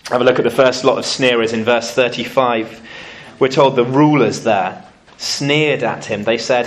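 A man preaching a sermon, telling stories lively and acting out what people said. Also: mid-range voice, normal speed. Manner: lively storytelling, acting out quotes.

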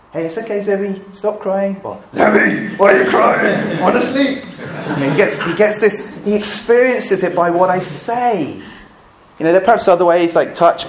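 A man preaching a sermon, full of rhetorical questions and swinging between loud emphasis and hushed asides. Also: high-pitched, a little hiss or hum. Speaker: pastor.

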